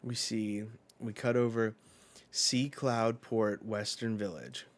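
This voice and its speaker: A man's voice: lowish voice, steady tone, slow pace. A man streaming a live reaction while reading a manga chapter, casual and profane, reading the characters' lines aloud.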